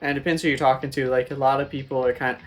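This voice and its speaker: A man's voice: mid-range voice, flat delivery, very fast, soft background music. A young man from the American South, co-hosting a game playthrough in rambling casual chat and laughing often. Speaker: co-host. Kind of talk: casual let's-play chat.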